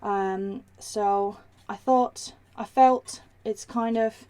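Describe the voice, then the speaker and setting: A woman's voice: medium pitch, steady tone, drawn-out words, a little mellow. A woman hosting a live craft demo, chatting in a rambling way with many ums and restarts, reading out viewer comments as she works. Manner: reads viewer comments aloud while working.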